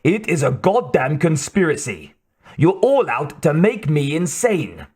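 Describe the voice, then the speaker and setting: A man's voice: a little high, very animated, unhurried, darkish tone, slightly rough, voice pushed up, full character voice. A man voicing a grumpy, sarcastic crewman. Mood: grumbling. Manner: irritable, dry complaints.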